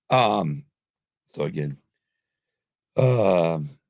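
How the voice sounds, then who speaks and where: A man's voice: sits low, lively intonation, moderate pace, vocal fry, darkish tone, dry recording, studio quality. A middle-aged man hosting a podcast live stream, rambling and swearing constantly while drinking. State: drinking, tipsy. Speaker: podcast host. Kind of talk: casual live-stream chat.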